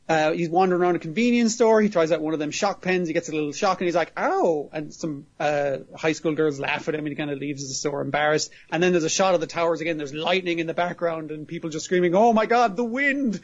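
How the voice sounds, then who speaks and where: A man hosts a podcast and recaps an episode in a loose, rambling way, with fillers and the odd swear. His voice sits a bit high for a man. The audio is muffled and lo-fi. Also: steady tone, brisk. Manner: rambling, laughs often, swears casually. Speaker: podcast host.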